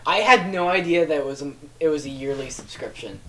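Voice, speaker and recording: A podcast co-host in casual chat while recording, chatty and quick to laugh. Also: medium pitch, animated, bright, forceful tone.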